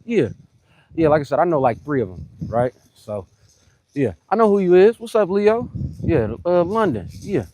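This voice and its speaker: He has a fairly high, sing-song voice with a dark tone, talking at a normal speed with no echo. On his live fitness stream he chats loosely with viewers between workout sets, greeting commenters and repeating "you know what I'm saying."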